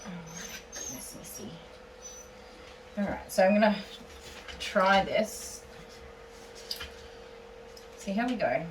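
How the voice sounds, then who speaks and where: A young woman dog groomer explaining her work in a calm, gentle voice while soothing a nervous dog. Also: mid-range voice, slow, pauses often, a little hiss or hum. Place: grooming salon. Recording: distant mic, loud clipper buzz.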